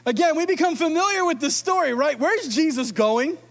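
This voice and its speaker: High-voiced man preaching playfully. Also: lively intonation, fairly quick, gravelly. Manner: playful, joking storyteller. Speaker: pastor. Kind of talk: sermon.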